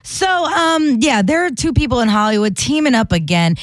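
A woman's voice: high voice, very animated, brisk, hardly any pauses, a bit bright, no echo. A woman co-hosting a morning radio show, chatting casually and gossiping with a laugh. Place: radio studio.

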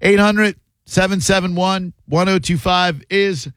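A man's voice: high-pitched, steady tone, a little slow, a bit bright, clear, resonant tone, no echo. A man hosting a radio call-in show, chatting casually with a wry, opinionated manner and long riffs.

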